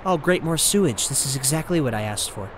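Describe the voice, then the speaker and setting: A man playing a video game for his channel, excitable and yelping when things go wrong, muttering to himself in calmer moments. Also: medium pitch, a little fast, a little hiss or hum. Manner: excitable, yelps and panics, then mutters to himself. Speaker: gaming YouTuber. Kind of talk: let's play commentary.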